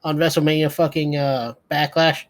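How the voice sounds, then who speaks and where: A man's voice: fairly high pitch, flat delivery, normal speed. A man co-hosting a podcast, giving a sleepy, profane, rambling recap of a wrestling show. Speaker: podcast co-host. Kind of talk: casual wrestling recap chat.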